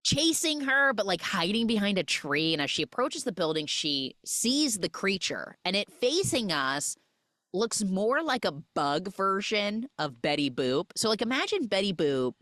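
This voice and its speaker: A woman's voice: mid-range voice, a little slow, no room sound, clean studio sound. A woman hosting a podcast, retelling a film's plot in a chatty, casual way full of "like". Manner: chatty, lots of "like", animated retelling. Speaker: podcast host. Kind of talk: casual film recap chat.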